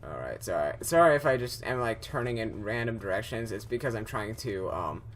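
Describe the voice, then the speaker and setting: A man's voice: lowish voice, lively intonation, a little fast, a little hiss or hum. A young man commentating a horror game he is playing, rambling with lots of fillers and restarts, easily startled. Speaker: gameplay commentator.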